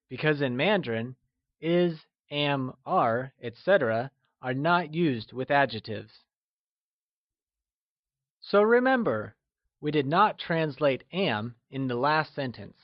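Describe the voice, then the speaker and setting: A man narrating a scripted language lesson, slow and encouraging, with deliberate explanations. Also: a little high, animated, no echo, lo-fi sound. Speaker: language teacher.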